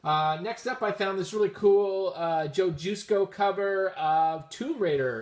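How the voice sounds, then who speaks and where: Canadian guy vlogging his comics at home, upbeat and rambly, voice sits a little high. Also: measured pace. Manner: chatty and upbeat, rambling asides. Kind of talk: casual chat.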